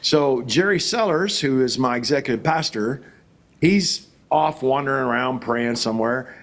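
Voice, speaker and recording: A man's voice: mid-range voice, normal speed, a bit bright. A middle-aged man, a pastor, telling a story in conversation with fervent, emphatic declarations.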